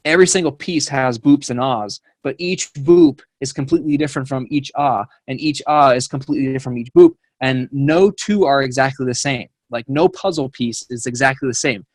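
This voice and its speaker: A playful grandfather in his later years, as a man puts on a higher, eager voice. He explains with earnest enthusiasm. The sound is dry and close. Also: brisk, few pauses, no room sound, lightly acted. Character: playful older grandfather, musing over puzzles.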